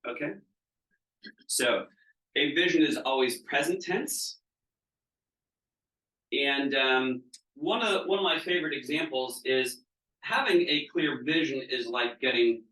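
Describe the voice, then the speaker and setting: A man's voice: mid-range voice, pushed and bright. A man, a business coach, giving a conversational training talk to a group and checking in with the audience as he goes. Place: training seminar room. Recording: roomy room, mic at a distance.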